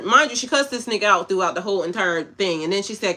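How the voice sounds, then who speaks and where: Blunt bright-voiced woman reading for chat. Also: mid-range voice, expressive, fast talker, hardly any pauses. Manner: casual, blunt, slangy, talks back to chat. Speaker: spiritual coach. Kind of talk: livestream tarot-style reading with chat.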